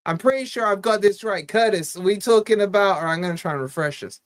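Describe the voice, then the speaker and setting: A man's voice: sits high, fast talker, dry recording, studio quality. Man, fan channel host, casual live-stream banter, teasing, sudden play-by-play calls. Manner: chatty, teasing, jumps between quiz talk and play-by-play. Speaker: fan channel host doing live match watch-along.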